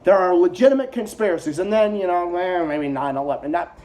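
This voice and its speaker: A man's voice: high-pitched, a little fast, darkish tone. A man giving a heated, profane reaction rant to video clips, talking as a YouTube commentator.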